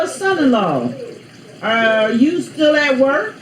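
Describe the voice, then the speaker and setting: A woman's voice: medium pitch, animated, measured pace, darkish tone, reverberant, a little hiss or hum, rough recording. A woman hosting her own vlog, chatting to viewers in a playful, rambling, teasing way. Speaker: vlog host. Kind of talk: casual chat to viewers.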